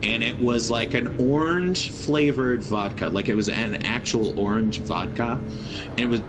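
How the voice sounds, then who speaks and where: A man's voice: mid-range voice, measured pace, poor audio. A man in his twenties, a gaming streamer, telling a rambling, profane story over his gameplay.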